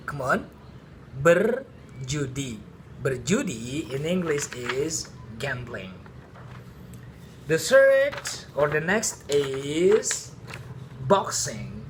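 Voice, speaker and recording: Slow-drilling Indonesian-accented man teacher. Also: a little high, fairly bright tone, slight background noise. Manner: slow, drawn-out model pronunciations, calls on learners to repeat. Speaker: language teacher. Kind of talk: vocabulary lesson with drills.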